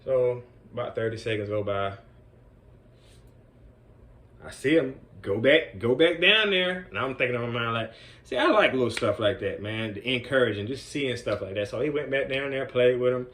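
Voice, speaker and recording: A man's voice: medium pitch, brisk. Easygoing man telling a work story. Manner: loose and conversational, with many fillers like "man" and "you know". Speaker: group home residential counselor. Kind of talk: casual storytelling vlog.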